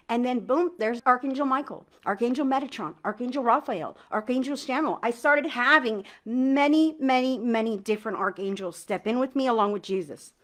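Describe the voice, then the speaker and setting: Earnest, slightly high-voiced woman vlogger. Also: a bit bright. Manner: earnest and enthusiastic, slangy, emphatic; recites prayer lines slowly with feeling. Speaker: tarot reader and spiritual vlogger. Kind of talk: casual spiritual talk to camera.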